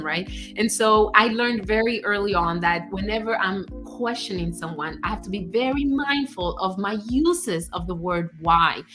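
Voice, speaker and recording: A woman career coach giving casual advice, animated, acting out example phrases and laughing often. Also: mid-range voice. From United States.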